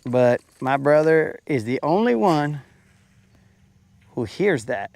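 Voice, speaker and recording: Slow, gravelly fishing show host. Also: male voice, a little high, sing-song, darkish tone. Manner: laid-back, joking. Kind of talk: casual fishing commentary. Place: boat on a lake, outdoors.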